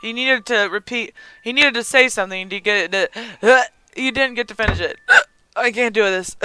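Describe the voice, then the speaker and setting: A young man doing excitable gameplay commentary, gasping and talking to the game characters while he has the hiccups. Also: high-pitched, normal speed, smooth, dry recording. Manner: excitable, gasps and yelps, talks to game characters. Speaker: let's play gamer.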